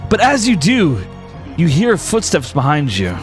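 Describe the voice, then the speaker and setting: Animated young man running a game. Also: a little high, unhurried, faint music behind. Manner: animated storytelling, chuckles. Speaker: game master. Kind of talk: narrating a tabletop game.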